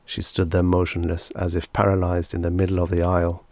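Deep-voiced man narrating vintage sci-fi. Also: monotone, fairly quick, a little mellow, no room sound. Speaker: audiobook narrator. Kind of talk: scripted narration of vintage science fiction.

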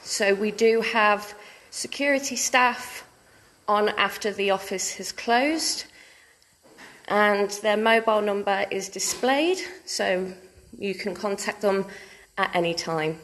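A woman's voice: medium pitch, slow pace, a bit bright, poor audio. A British woman working as a student halls manager, giving a chatty live walking tour with a phone. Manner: friendly, chatty, with many "so" and "um" fillers. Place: city street outside a building, then its reception. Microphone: phone held while streaming.

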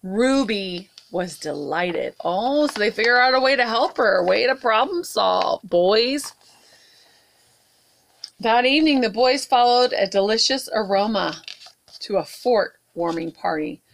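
A woman at a library storytime, reading a picture book aloud to children with expressive asides. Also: on the high side, unhurried, creaky. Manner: warm, expressive read-aloud with asides to kids.

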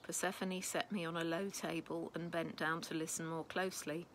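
A woman reading a children's storybook aloud with expressive first-person narration. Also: fairly low pitch, normal speed, a little hiss or hum, rough recording. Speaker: children's book reader.

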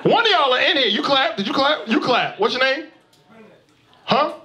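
A man performing a stand-up comedy set on a club stage, working the crowd and landing loud punchlines on a handheld mic. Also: very high-pitched, expressive, moderate pace. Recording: live club recording with crowd noise.

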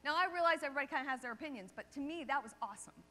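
A woman chiropractor giving a seminar talk, telling lively anecdotes and checking in with the audience. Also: high voice, rapid-fire. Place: seminar hall stage. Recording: long reverb of a seminar hall.

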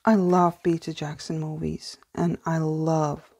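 A woman speaking English as a second language, chatting softly through a casual book haul vlog and slipping into hushed whispers of delight. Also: low-pitched, little pitch movement, a little slow. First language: not English. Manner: soft-spoken, often drops to a hushed whisper in awe; hesitant, with fillers and restarts. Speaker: vlogger.

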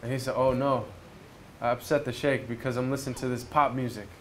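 Speaking a little fast in a mid-range, fairly bright voice with a steady tone, a retreat speaker shares a reflective spiritual talk outdoors by a river. He tells stories conversationally and asks his audience rhetorical questions.

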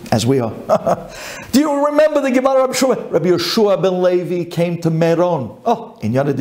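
A man, a rabbi, giving a dramatic storytelling sermon, chanting lists and swinging between high and low. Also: a little mellow.

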